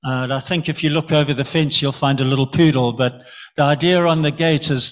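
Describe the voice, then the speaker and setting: A man's voice: fairly high pitch, fairly even intonation, brisk. A man from Zimbabwe, preaching an earnest sermon and often repeating words for emphasis.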